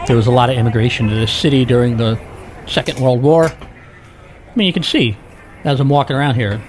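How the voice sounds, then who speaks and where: A man's voice: medium pitch, a little fast. A man chatting to viewers as he walks a busy city street, filming a casual tour vlog. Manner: chatty, talks to viewers while walking. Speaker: walking tour vlogger. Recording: street noise behind. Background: city street ambience.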